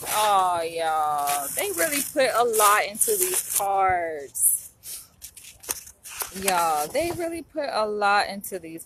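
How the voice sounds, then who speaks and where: A woman's voice: lowish voice, noisy background. A young woman vlogger, teary after crying, talking casually and gushing emotionally. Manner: emotional, softly gushing, says "y'all" often. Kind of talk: casual vlog chat.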